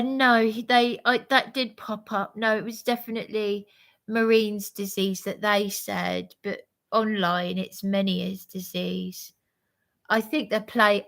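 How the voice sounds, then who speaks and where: Slow, gravelly-voiced tired woman. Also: mid-range voice, fairly bright tone. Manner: rambling, hesitant, many restarts. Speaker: livestreamer reading chat. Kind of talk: casual live chat.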